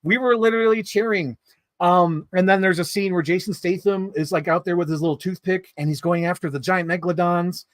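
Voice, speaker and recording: A man casually reviewing movies in a vlog, telling stories in an excitable, rambling way full of swearing and filler words. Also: high-pitched, fairly quick, dry recording, studio quality.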